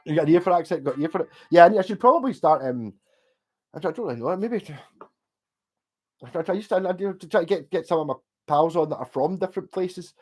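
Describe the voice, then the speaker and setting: A man's voice: on the high side, animated, fast talker, soft background music. A Scottish man with a slightly raised voice chats through a livestream and answers viewers as he goes. He rambles, swears freely and restarts his sentences often, in a loose, casual way. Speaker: livestream host.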